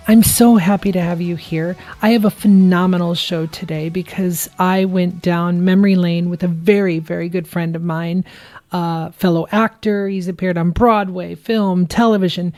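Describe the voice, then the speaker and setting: A woman's voice: lowish voice, darkish tone. A woman from the Midwestern United States hosting her podcast solo, with a playful, theatrical and effusive delivery. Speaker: podcast host.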